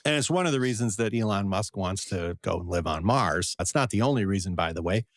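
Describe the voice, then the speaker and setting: A man's voice: lowish voice, animated, brisk, no echo, studio quality. A man, a venture investor and professor, answering interview questions in a digressive, self-deprecating way.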